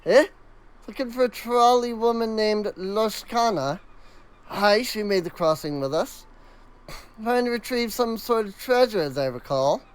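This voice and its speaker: A man voicing a gruff male ship captain, in salty sailor talk with a put-on accent. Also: high voice, measured pace, voice pushed up, rough recording. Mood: gruff, helpful.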